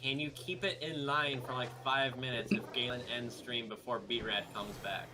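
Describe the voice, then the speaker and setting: A man's voice: medium pitch, fairly even intonation, moderate pace, over music. A man chatting casually on a livestream, easygoing and joking, sometimes trailing off mid-sentence.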